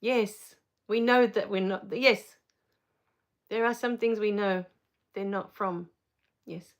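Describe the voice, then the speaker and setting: A woman hosting a spiritual live Q&A, reading viewer comments, soft-spoken and tender, quick to laugh and tear up. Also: medium pitch, steady tone. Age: adult with a child. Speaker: spiritual live-stream host.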